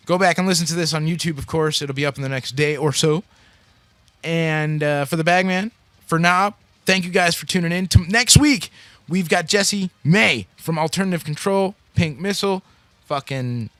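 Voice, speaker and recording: A man's voice: fairly high pitch, a bit bright, no room sound. Fields: Sex: man. Role: internet radio host. Style: casual sign-off and promos. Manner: profane, rambling, hyped.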